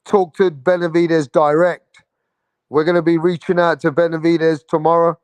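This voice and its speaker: Slangy boxing show host. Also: male voice, on the high side, no echo. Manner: slangy, laughing, talks straight to viewers. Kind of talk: casual livestream chat.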